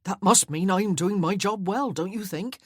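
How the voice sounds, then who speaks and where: A man's voice: sits high, normal speed, slightly rough, no echo, studio quality, voice pushed up. A woman voicing a cheerful, talkative young footman who chatters eagerly.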